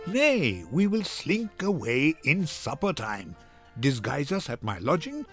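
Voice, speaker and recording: A man's voice: fairly high pitch, very animated, slow, a bit bright, soft background music, heavily acted. A man reading a plotting young gallant. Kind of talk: dramatic reading.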